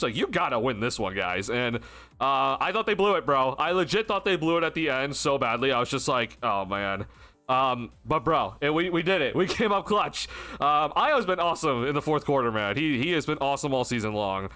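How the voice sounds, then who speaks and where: A young man hosting a casual postgame stream, excitable and swearing, full of fillers and laughs. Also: on the high side. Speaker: sports stream host.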